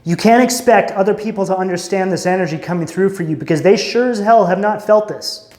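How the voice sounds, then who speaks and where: A man's voice: high-pitched, fairly quick, a little mellow. A man doing an intuitive tarot reading, musing and searching as he talks, often breaking off mid-sentence. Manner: musing, searching, self-interrupting. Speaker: tarot reader. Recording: roomy echo.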